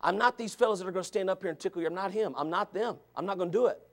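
A man preaching a Sunday school sermon as a Baptist preacher, hammering points through repetition and building up to shouting. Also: sits high, rapid-fire.

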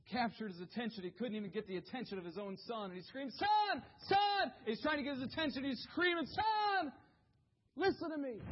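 High-voiced male preacher, dramatic swings. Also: husky. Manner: dramatic storytelling, swinging from hushed low tones to shouting. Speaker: pastor. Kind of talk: sermon. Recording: dull lo-fi recording.

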